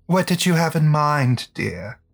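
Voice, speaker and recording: A man voicing a dry, slow-spoken female mist-shifter. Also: a little high, lively intonation, creaky, exaggerated voice. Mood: languid. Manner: slow, languid, unbothered.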